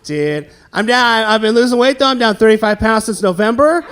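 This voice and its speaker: A man's voice: high voice, expressive, fairly quick, fairly bright tone, slight background noise. A man in his thirties from the American South doing a self-deprecating stand-up set, chatting with the crowd between jokes. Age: 30s. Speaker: stand-up comedian. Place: comedy venue with live audience. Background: audience laughter.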